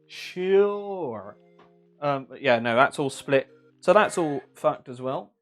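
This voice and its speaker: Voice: medium pitch, normal speed, soft background music. A streamer chatting casually on a live repair stream, swearing freely and reading viewer messages aloud.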